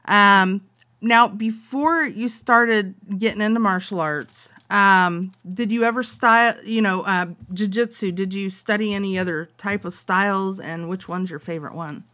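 Woman host with a bright sharp voice, asks questions, says okay a lot. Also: medium pitch, a little slow. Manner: encouraging, frequent okays and laughs. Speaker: interviewer host. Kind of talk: casual interview.

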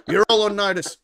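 A man's voice: high voice, fairly bright tone. A man hosting a casual live comedy show, laughing often and handing out points. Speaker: host.

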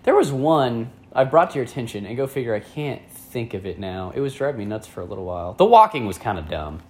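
Dude making dry quick jokes in a chill chat, voice goes up and down a lot. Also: male voice, medium pitch, big pitch swings, a little mellow. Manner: dry, short wisecracking quips. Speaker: co-host. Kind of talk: casual chat.

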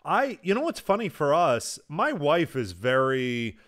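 A man's voice: fairly high pitch, a little slow. A man in his thirties co-hosting a casual podcast, telling family stories with energy and acting out the dialogue. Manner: animated storyteller, acts out family dialogue. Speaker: podcast co-host.

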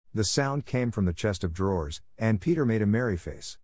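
A man narrating a classic children's story in a measured, even reading. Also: on the low side, no echo, clean studio sound.

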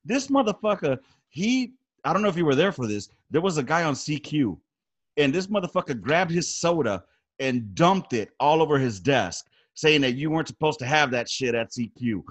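A man in casual conversation, spinning army tales with lots of swearing. He talks in an animated way, his pitch leaping as he acts out what others said. Plain everyday delivery between the bursts. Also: normal speed. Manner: animated storyteller, heavy swearing, acts out quotes loudly. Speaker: army veteran telling stories. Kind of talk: casual profane chat.

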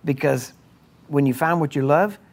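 A middle-aged man preaching in a chatty, conversational way, with a slightly higher voice than most men. He keeps prompting his listeners with rhetorical questions and calls for "Amen," and at times climbs into loud, high-pitched exhortation. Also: normal speed. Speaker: pastor. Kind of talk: sermon.

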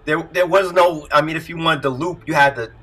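Husky, bright-voiced man on a video call. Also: fairly high pitch, a little fast, low-quality recording. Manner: animated storyteller, laughs often, acts out voices. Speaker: music producer guest. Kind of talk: casual interview chat.

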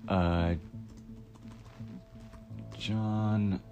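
A man's voice: on the low side, fairly even intonation, very slow, lo-fi sound. A man in his twenties casually reviewing a film in a rambling way, with many "like" fillers. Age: 20s. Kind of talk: casual chat. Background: music.

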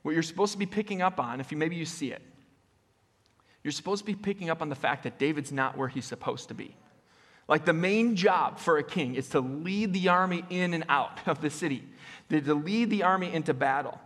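A man preaching a conversational sermon as pastor, often checking in with the congregation with a quick "right?" and restarting his phrases. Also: fairly high pitch, fairly bright tone. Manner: casual, with frequent "right?" tag questions and restarts. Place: church sanctuary. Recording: long reverb of a church hall.

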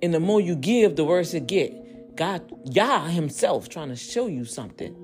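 A woman with a fairly low voice hosts a casual, preachy podcast. She swings between high, fired-up exhortation and low, quiet asides. Faint music plays under her. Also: lively intonation, moderate pace. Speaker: podcast host.

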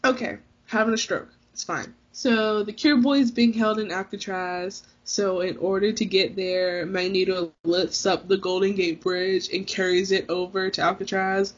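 Brief: husky-voiced woman, casual podcast co-host, laughing recap, muffled lo-fi audio. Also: mid-range voice, fairly even intonation, measured pace, hardly any pauses. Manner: laughs a lot, slangy retelling. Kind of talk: casual movie recap chat. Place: hot indoor room with fan. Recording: muffled lo-fi sound.

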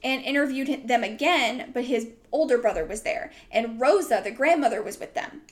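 A woman's voice: a little high, moderate pace. A young adult woman hosting a podcast, telling a story in a casual, rambling way with many "like"s and "um"s. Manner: rambling, full of "like" and "um". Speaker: podcast host.

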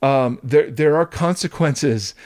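A middle-aged man and pastor talking through faith in an earnest, animated conversational way, often restarting his sentences. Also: on the high side, slow pace, no room sound, clean studio sound.

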